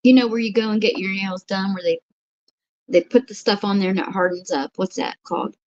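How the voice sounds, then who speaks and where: A woman's voice: mid-range voice, fairly quick, a little mellow. Easygoing woman on a muffled call. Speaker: friend on the call. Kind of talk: casual video chat.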